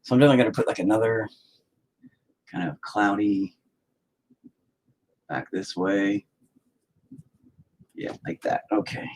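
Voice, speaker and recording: Husky, foul-mouthed man painting. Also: lowish voice, unhurried, long pauses, darkish tone. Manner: profane, self-deprecating rambling. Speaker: painting vlogger. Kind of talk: casual commentary while painting.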